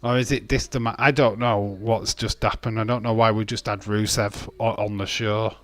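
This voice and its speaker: A man's voice: fairly low pitch, level tone, normal speed. A man casually commentating a wrestling watch-along, rambling, joking and reading out chat messages. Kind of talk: casual live-stream commentary.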